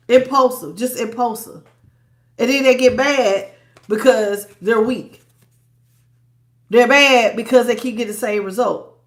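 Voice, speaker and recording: Stuffed-up lady doing a live tarot reading, kinda high voice, blunt and preachy, lots of slang, says hi to chat. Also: a little slow. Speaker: tarot reader.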